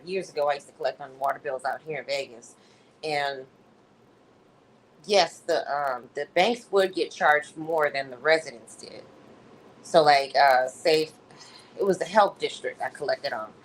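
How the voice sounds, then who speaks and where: A woman host telling a story on a casual livestream, animated and freely profane. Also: low voice, a little hiss or hum, poor audio.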